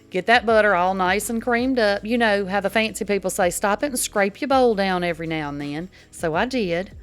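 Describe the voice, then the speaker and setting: An older woman, hosting a casual home cooking demo in her kitchen, folksy and chatty. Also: mid-range voice. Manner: chatty, folksy, says y'all a lot. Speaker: cooking channel host.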